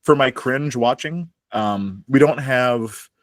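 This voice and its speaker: A man's voice: medium pitch, slow pace, no echo. A wry, talkative man from Chicago co-hosts a casual podcast, laughing easily between remarks. His voice sits mid-range and sounds dry and close, with no room around it. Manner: chatty, laughs often, wry. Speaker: podcast co-host. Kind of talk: casual chat.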